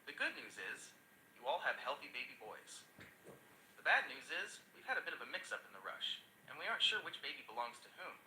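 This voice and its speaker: A man's voice: mid-range voice, sing-song, fairly quick, pushed and bright, roomy sound, slight background noise, poor audio. A man voicing a flustered formal midwife.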